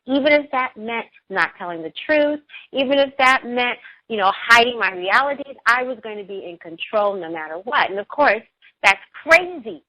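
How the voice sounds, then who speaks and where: A woman's voice: on the high side, expressive, moderate pace, dry recording, highs cut off. A middle-aged woman, a radio show guest, telling a personal story in an earnest, emotional way.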